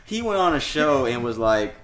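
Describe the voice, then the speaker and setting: A man co-hosting a podcast, talking in loose, profane banter and laughing as he goes. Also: normal speed. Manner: animated, laughing, profane banter with sudden jumps in pitch and volume. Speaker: podcast co-host. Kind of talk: casual chat.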